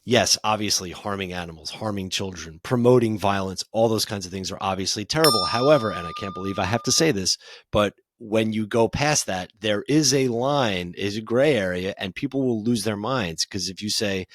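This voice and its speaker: A man's voice: lowish voice, no room sound. A man co-hosting a podcast who reads out news items and then discusses them casually. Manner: brisk news-read turning into casual banter. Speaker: podcast co-host.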